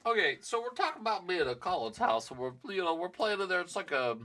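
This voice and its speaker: A young man co-hosting a podcast, telling a rambling story in a playful, animated way. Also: high-pitched, fast talker. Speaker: podcast co-host. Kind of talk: casual chat.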